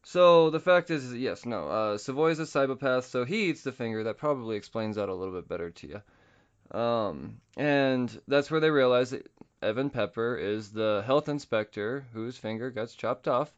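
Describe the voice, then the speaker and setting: Man, podcast host, casual comic recap, swears a lot, smooth voice, dull lo-fi sound. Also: mid-range voice. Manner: profane, animated retelling with quick voice impressions.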